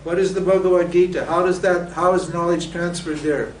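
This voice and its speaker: A man's voice: high voice, steady tone, brisk, slight background noise. A man teaching spiritual texts, asking his students rhetorical questions and then answering them himself. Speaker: Vedanta teacher. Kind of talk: lecture to students. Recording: roomy echo from a distant mic.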